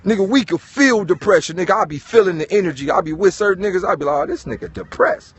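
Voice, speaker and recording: A man giving an animated, preachy motivational talk, swearing and calling listeners dog. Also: high voice, quick pace, slightly rough. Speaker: host.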